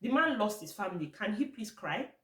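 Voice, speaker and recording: A Nigerian woman talking straight to camera in a frank, fed-up tone, dropping into Pidgin phrases as she goes. Her voice sits at a middle pitch, and the room around her is noticeably echoey. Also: very animated, fairly quick, a bit bright. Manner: blunt, exasperated, switches into Pidgin for quotes. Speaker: vlogger. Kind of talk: casual talk to camera.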